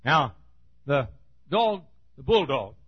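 A man preaching a sermon, telling a folksy story and building to emphatic, forceful points. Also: mid-range voice, big pitch swings, slow pace, slightly rough, muffled recording.

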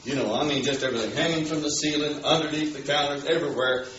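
A man's voice: on the high side, fairly even intonation, fast talker, fairly bright tone, roomy sound, distant mic, lo-fi sound, a little hiss or hum. A man preaching a sermon, telling a story in a folksy way and building emphasis on key words. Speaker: pastor.

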